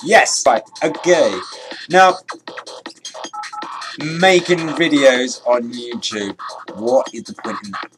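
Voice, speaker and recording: A man vlogging in an excitable, rambling way, with lots of restarts and casual swearing. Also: medium pitch, takes it slowly, pauses often. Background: faint electronic music.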